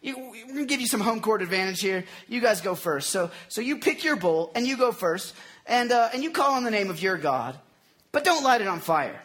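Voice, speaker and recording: A man's voice: sits high, animated, a little fast, a bit bright. A man voicing a cocky male prophet who mocks and taunts his rivals. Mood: taunting. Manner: mocking, taunting.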